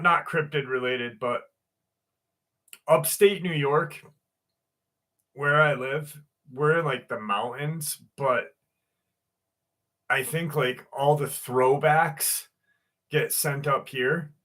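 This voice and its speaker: A man's voice: medium pitch, bright, forceful tone. A man chatting casually on a livestream panel, rambling through a story with fillers and swearing. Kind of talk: casual chat.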